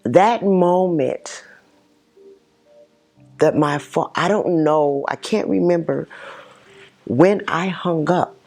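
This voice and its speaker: Middle-aged woman, low voice, unhurried, halting personal testimony, faint music bed. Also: darkish tone. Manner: halting, emotional, many pauses and restarts. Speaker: mother telling her personal story.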